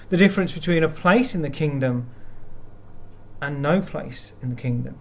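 A man giving a sermon, speaking in a measured way and reading verses aloud. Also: fairly high pitch. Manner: slow, measured delivery with verses read aloud. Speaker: preacher.

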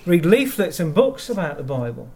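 A man giving a sermon, speaking in a measured way and reading verses aloud. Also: a little high, sing-song, a little mellow, husky. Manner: slow, measured delivery with verses read aloud. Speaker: preacher.

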